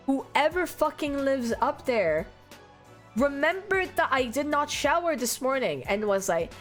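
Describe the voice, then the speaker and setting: A young French woman with a French accent, chatting casually on a live stream as an artist, animated and freely swearing as she greets her chat by name. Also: sits high. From France.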